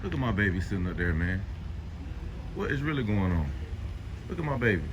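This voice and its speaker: A man vlogging casually to his viewers at a car service shop, drawling and tacking "man" onto nearly every phrase, dropping to low mutters and rising to excited high exclaims. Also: fairly quick, noisy background. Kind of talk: casual vlog talk to viewers. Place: car dealership service area, then in a car.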